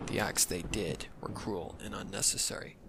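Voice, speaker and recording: A man narrates a dark fan fiction reading in a low, gravelly voice. His delivery is measured and often sinks into whispers. There is steady noise in his home recording.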